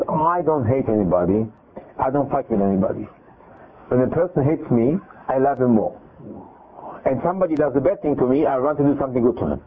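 A man's voice: medium pitch, slightly rough. Man retelling a Torah story over phone. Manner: animated retelling with quoted dialogue and restarts. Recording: tinny phone-line audio.

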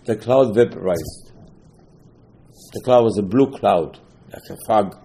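Animated man teaching a Torah class. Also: lowish voice, unhurried, slight background noise, poor audio. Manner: animated, acts out quotes, mixes in Hebrew terms; loose non-standard English grammar.

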